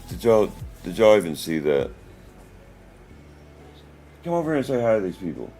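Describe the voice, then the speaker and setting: Man in his forties, livestream host, very low pitch and lively delivery, a rambling storyteller, faint music underneath. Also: normal speed. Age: 40s. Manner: rambling storytelling with many restarts. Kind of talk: casual livestream chat.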